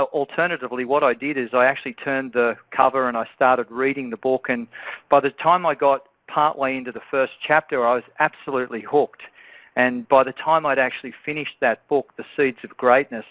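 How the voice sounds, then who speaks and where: A man's voice: medium pitch, fairly bright tone, no room sound, rough recording. Aussie guy, guest on a coaching call, earnest and chatty, lots of you-knows, dry close sound. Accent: Australian. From Australia. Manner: earnest, with frequent fillers like "you know". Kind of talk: telling a personal story on a group call.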